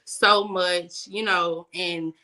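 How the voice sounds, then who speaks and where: A young adult woman guest telling faith stories in a casual, animated way, laughing often and speaking in vernacular. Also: on the low side, extremely slow. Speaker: guest, business owner.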